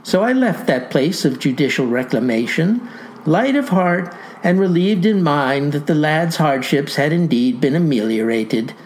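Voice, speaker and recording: Lady doing a pompous old farmer guy, low voice, fancy words, folksy drawl, lots of ups and downs. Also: expressive, a little slow, a little mellow, slight background noise, rough recording. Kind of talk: comic first-person storytelling.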